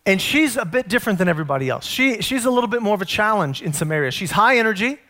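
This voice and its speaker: A middle-aged man preaching a sermon, earnest and storytelling, slowing down to stress his points. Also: high voice, animated, sharp tone. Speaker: pastor.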